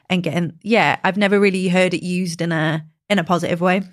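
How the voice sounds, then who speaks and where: A woman's voice: on the low side, fairly even intonation, quick pace, hardly any pauses, dry recording, clean studio sound. A woman hosting a podcast interview, chatty and engaged with her guest. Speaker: podcast host.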